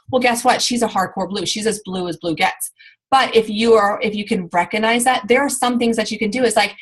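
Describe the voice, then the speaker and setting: A woman's voice: mid-range voice, steady tone, brisk, a bit bright, poor audio. A woman giving an informal training talk to her sales team, rambling along with lots of fillers and restarts.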